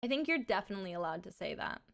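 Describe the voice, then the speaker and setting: A young woman livestreamer with a slight lisp chats casually and giggles with her live audience, drawing out her words. Her mid-range voice is very animated and a bit bright, with vocal fry.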